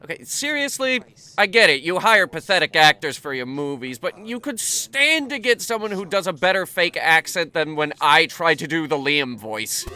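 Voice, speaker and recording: A man's voice: a little high, big pitch swings, moderate pace, bright, forceful tone. A man hosting a comedic movie review, ranting sarcastically and swearing freely.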